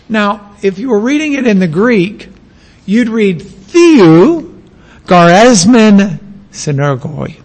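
A man's voice: high voice, sing-song, slow pace, pauses often, in a large hall. A man from the United States giving a classroom lecture on biblical languages, emphatic and repeating key words for stress.

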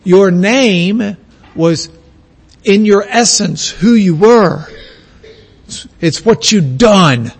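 A man's voice: sits high, lively intonation, extremely slow, pauses often, husky. A man teaching a class, lecturing in a conversational way and stretching out the phrases he wants to stress.

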